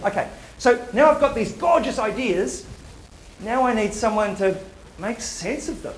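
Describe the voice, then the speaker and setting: A man's voice: high voice, animated, unhurried, a little hiss or hum. A man giving a live university talk, playful and joking, firing off rhetorical questions at the audience. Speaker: public speaker. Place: university lecture hall. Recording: roomy hall echo.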